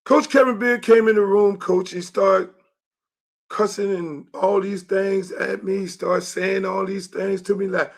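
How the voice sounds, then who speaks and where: A middle-aged man holds forth in a heated, profane monologue. His voice sits high for a man and often climbs into shouting. He talks as the host of his own show. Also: little pitch movement, unhurried, gravelly. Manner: angry, profane, rising to shouts. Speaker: show host and youth football coach.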